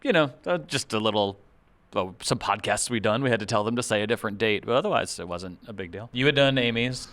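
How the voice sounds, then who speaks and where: A man, the show's co-creator and writer, giving relaxed, rambling answers in a casual interview. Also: fairly low pitch, quick pace. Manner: relaxed, rambling explanations with fillers. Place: studio at a convention.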